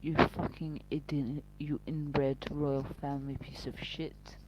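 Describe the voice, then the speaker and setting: A woman's voice: low-pitched, level tone, takes it slowly, a little mellow, low-quality recording. A Glaswegian woman streams live, answering her chat in a blunt, sweary way and laughing often. She takes her time and drawls her words. A faint hum sits underneath. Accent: Glaswegian Scottish.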